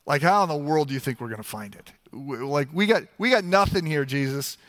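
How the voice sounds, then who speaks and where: A man's voice: a little high, expressive, brisk, fairly bright tone, dry recording, long reverb tail, pitched below the performer's own voice. Man doing a blunt, baffled disciple. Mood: exasperated. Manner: casual, exasperated.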